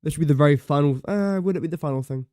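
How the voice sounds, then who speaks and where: Mellow-voiced man thinking aloud while gaming. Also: on the high side, rapid-fire, no room sound, clean studio sound. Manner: thinks aloud, counts and does sums under his breath, self-mocking. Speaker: game streamer. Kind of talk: casual live-stream commentary.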